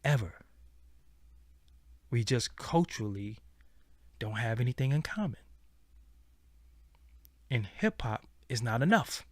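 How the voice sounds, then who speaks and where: Blunt, animated man ranting casually. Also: medium pitch, slow, pauses often, dry recording. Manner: blunt, profane, animated storytelling. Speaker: show host. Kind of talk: casual commentary monologue.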